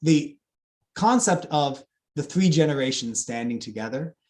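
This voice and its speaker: A man giving a lively public lecture on epic poetry, with fillers and asides to the audience. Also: fairly high pitch, measured pace. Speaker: classics lecturer.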